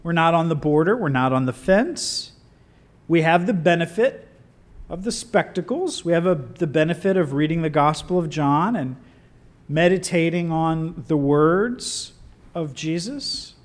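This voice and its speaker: A man preaching a sermon in an animated, conversational way with wry asides. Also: a little high, a little slow.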